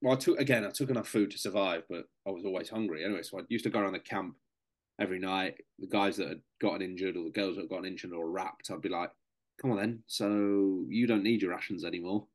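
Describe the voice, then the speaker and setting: A man's voice: low voice, steady tone, very fast. A young man telling a story on a podcast, chatty, matey and swearing freely. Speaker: podcast guest, serving soldier. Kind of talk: casual storytelling.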